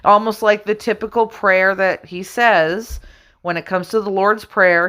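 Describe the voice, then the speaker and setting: A woman at home giving casual commentary on scripture, reading verses slowly and laughing often as she talks. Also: on the low side, a bit bright. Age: adult. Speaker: religious video host.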